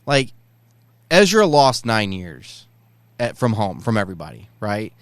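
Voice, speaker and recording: A middle-aged man co-hosting a casual podcast, talking like an excited fan and jumping into quoted lines. His voice is smooth and resonant. The recording is dry and close. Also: lowish voice, measured pace, dry recording. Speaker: podcast co-host. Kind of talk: casual chat.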